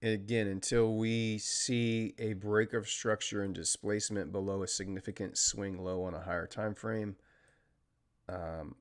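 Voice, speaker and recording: An American man hosting a live trading stream, chatting casually and talking through market moves, with fillers and trailing pauses. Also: on the low side. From United States. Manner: steady technical market commentary. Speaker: trading livestream host.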